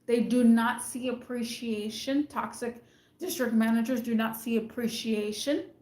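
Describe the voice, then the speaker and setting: Fired-up woman venting to the camera, kinda high voice, lots of echo. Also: steady tone, unhurried, a little mellow. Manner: emphatic and indignant, repeats points. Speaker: retail worker venting about managers. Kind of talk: casual vlog rant to camera.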